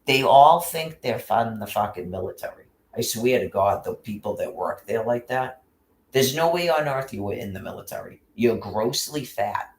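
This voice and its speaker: A man's voice: medium pitch, lively intonation, moderate pace, a little hiss or hum. A man ranting angrily and rambling, full of profanity and restarts. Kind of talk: casual rant. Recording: roomy echo.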